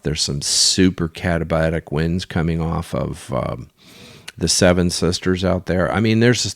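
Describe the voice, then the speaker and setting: A deep-voiced man tells a story on his podcast in an offhand, rambling way. His voice has a gravelly fry to it, and the sound is dry and close. He wanders through asides and restarts, with the odd crude remark. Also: no echo. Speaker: podcast host telling sailing stories. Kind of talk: casual storytelling.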